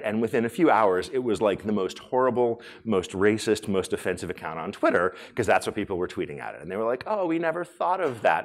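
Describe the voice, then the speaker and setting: A man in his forties giving a conference talk, animated and joking, with lots of "um" and "like" fillers. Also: on the low side. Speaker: conference speaker. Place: conference hall.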